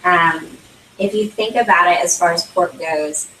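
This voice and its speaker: A woman's voice: lowish voice, a little slow, fairly bright tone, a little hiss or hum. Chatty young woman presenting in a room. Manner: chatty, many fillers, laughs often. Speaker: consultant presenting at a launch party. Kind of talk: casual product presentation. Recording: roomy, distant camera audio.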